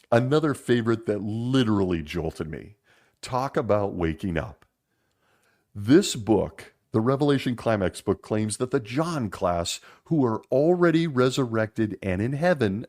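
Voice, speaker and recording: A man hosting a casual monologue, making wry sarcastic asides and laughing as he talks, slowing down to stress points. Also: mid-range voice. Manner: laughs often while talking; lively and animated, slowing down for emphasis. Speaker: podcast host.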